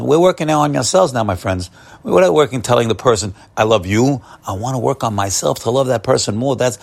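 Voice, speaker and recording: A man's voice: mid-range voice, creaky. A man giving an upbeat, encouraging morning Torah talk, often repeating and restarting his phrases. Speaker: Torah teacher.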